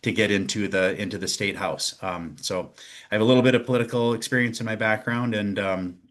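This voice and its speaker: Man, lowish voice, halting interview guest. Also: fairly even intonation, fairly bright tone. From northern Minnesota. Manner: halting, restarts often while searching for words. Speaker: guest, local politician. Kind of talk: casual interview talk.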